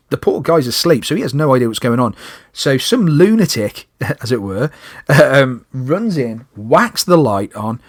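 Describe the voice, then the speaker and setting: Young guy telling his own story on a podcast, mid pitch, dead dry close mic, gets loud acting out the panicky bits. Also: dry recording. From United Kingdom. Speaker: podcast host. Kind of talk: personal storytelling monologue.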